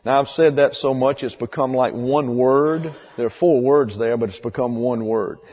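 A pastor giving a conversational sermon, repeating key phrases for emphasis. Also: male voice, mid-range voice, normal speed, husky. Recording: dull lo-fi sound with long hall reverb.

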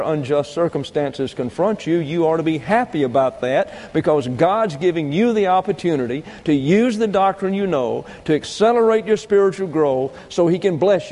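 This pastor's sermon proceeds deliberately through numbered points as he reads scripture verses out loud. He has a slightly high, dark-toned voice, and the audio is poor with a big-room sound.

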